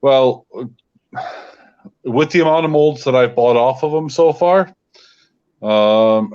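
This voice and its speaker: A man's voice: on the low side, fairly even intonation, a little slow, a little mellow, lo-fi sound. A man, a guest in a casual chat, venting his frustration with lots of fillers. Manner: frustrated ranting with many fillers.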